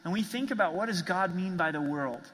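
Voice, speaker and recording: A man preaching with a bright, fairly high voice, earnest and emphatic as he repeats his key phrases. His words ring out with a long reverb, like a church hall. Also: lively intonation, fairly quick. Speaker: pastor. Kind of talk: sermon.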